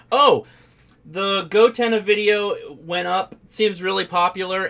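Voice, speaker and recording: A man's voice: fairly high pitch, pushed and bright. A man hosting a ham radio live stream, chatting casually and rambling with fillers and restarts.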